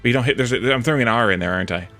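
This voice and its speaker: A man's voice: mid-range voice, very fast, fairly bright tone, faint music behind. A man streaming a video game, chatting casually with viewers and thinking aloud as he plays. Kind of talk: casual let's-play commentary.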